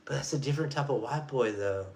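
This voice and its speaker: A man's voice: mid-range voice, quick pace, creaky, a little mellow, slight background noise. A man in his forties ranting casually on a vlog, rambling and profane, in loose street slang. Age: 40s. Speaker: vlogger. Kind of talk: casual rant.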